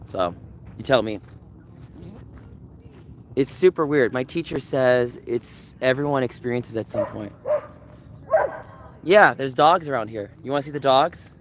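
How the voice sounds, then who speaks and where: A man with a medium-pitched voice live streams from a dog park, talking at a measured pace and pausing often. He walks and rambles loosely, reading chat aloud and talking to dogs, with dogs barking amid faint outdoor ambience.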